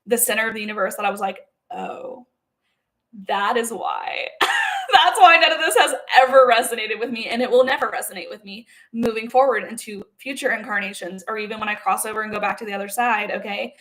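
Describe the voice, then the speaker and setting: A young woman speaks in a casual, unscripted monologue, her voice sitting a little high. She is blunt and swears freely, leaning hard on emphasis and checking in with her listener as she goes. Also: fast talker, few pauses, a bit bright. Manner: blunt and profane, emphatic with frequent "okay?" check-ins. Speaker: spiritual content creator.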